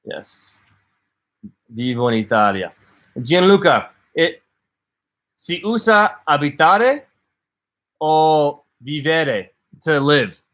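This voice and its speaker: A man's voice: fairly high pitch, sing-song, takes it slowly, long pauses, a bit bright. A man co-hosting a casual livestream, chatting as he reads out and answers viewer comments. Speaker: livestream co-host.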